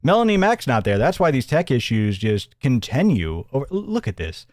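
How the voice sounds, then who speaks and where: Rambling, chuckling livestream host. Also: male voice, mid-range voice, very animated, normal speed, a little mellow, no room sound, studio quality. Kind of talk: livestream commentary.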